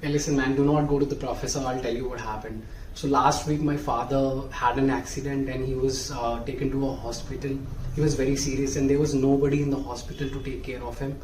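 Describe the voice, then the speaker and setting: A man's voice: medium pitch, flat delivery, a little mellow, natural voice. Guy doing a flustered college kid begging, echoey room, mic far off. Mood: pleading. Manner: halting, pleading. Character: flustered young male student cheating on a project. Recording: roomy, distant mic, faint hiss.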